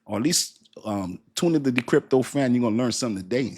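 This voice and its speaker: A young man hosting a casual crypto livestream, reading viewer comments aloud in a lively, colloquial way and laughing often. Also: mid-range voice, quick pace, breathy edge.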